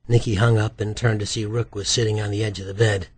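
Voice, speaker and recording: A man reading a novel aloud as narrator in an even, measured way. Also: lowish voice, slightly rough, no echo. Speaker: audiobook narrator. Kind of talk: scripted narration.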